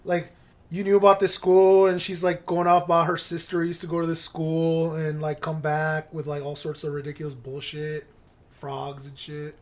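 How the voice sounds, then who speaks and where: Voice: mid-range voice, level tone, moderate pace. A podcast host retelling a book scene for laughs, rambling, swearing and laughing often.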